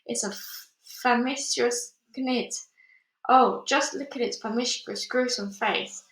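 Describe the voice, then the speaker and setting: A woman reading a storybook aloud, voicing a loud, panicky male police chief who shouts his lines, in an echoey room. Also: a little high, slow. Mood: blustering. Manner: shouted, excitable.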